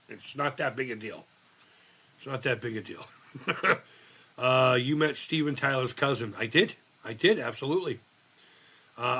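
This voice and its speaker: Middle-aged man, bright voice, loose and profane, rambling live-chat host. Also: mid-range voice, husky. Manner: profane, rambling storyteller reading chat aloud. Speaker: livestream host.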